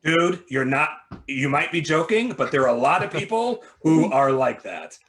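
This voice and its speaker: A man's voice: fairly high pitch, normal speed. A man co-hosting a casual podcast happy hour, playful and jokey, asking questions and teasing his co-hosts. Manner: playful, jokey, animated delivery. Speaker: podcast co-host. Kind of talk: casual live-stream chat.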